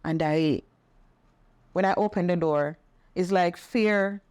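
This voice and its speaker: A middle-aged woman, telling a personal testimony in conversation, earnest and animated when she quotes others. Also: fairly low pitch, slow, smooth, no echo. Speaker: podcast guest sharing testimony.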